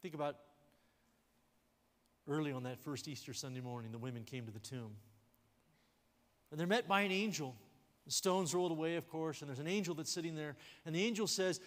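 Man pastor, lively sermon delivery, light jokes, sanctuary echo. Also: fairly high pitch, fairly quick, pauses often. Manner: animated preaching with sudden drops to a hush; jokey asides. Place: church sanctuary. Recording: long hall reverb in a church sanctuary.

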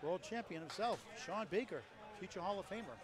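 A man giving live play-by-play on a bowling match, rattling off scores and plugging the channel. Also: high voice. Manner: rapid score calls, lively promo plugs. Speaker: play-by-play commentator. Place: bowling alley. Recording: loud crowd in a bowling hall.

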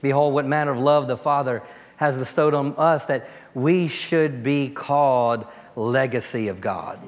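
Man preaching with a long reverb. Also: a little slow. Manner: storytelling, voice dropping low and soft for prayer. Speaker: pastor. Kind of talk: sermon. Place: church sanctuary.

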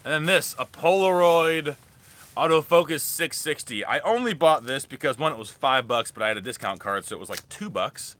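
A man's voice: a little high, normal speed, a bit bright. A young man rambling casually through a live thrift haul as a reselling vlogger. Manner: rambling, chatty, restarts often.

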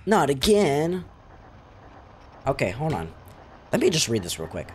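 A man's voice: mid-range voice, wildly swooping pitch, a little slow, husky. Jumpy, swearing young gamer guy. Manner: jumpy, swears a lot, talks back to the game. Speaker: gaming video creator. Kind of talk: live reactions while playing a horror game.

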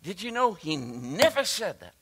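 A man preaching a sermon, emphatic and animated, repeating himself and often restarting phrases as he speaks directly to the congregation. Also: high-pitched, slightly rough. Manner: animated and emphatic, with frequent repetition and halting restarts; talks directly to the congregation with asides and questions.

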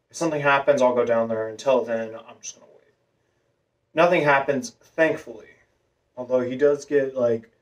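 A vlogger with a masculine voice telling a long personal story in a rambling way, full of fillers and restarts. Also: male voice, medium pitch. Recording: voice a bit far from the mic.

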